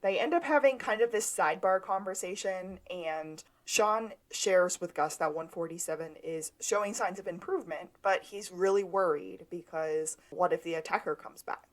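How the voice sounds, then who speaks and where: Animated woman podcast co-host. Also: lowish voice, moderate pace, hardly any pauses. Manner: animated, acts out quoted lines. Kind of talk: casual recap chat.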